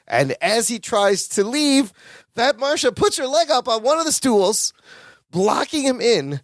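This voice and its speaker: Male podcast co-host, high and bouncy voice, dry close mic, casual recap that drifts into acted-out character lines. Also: measured pace, no echo. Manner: animated, acts out character voices while recapping. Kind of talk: casual chat recapping a sitcom.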